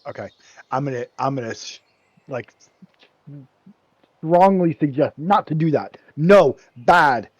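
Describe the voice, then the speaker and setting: A man's voice: on the high side, expressive, a little slow, long pauses, darkish tone, breathy edge, dry recording, lo-fi sound. A man playing a tabletop game, joking and hesitant with fillers. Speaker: player. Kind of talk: casual tabletop game play.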